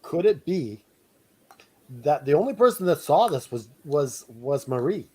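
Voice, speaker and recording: Higher-voiced Canadian man in casual chat. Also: big pitch swings, unhurried, mellow, husky. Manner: laughing, hesitant, full of fillers. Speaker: podcast co-host.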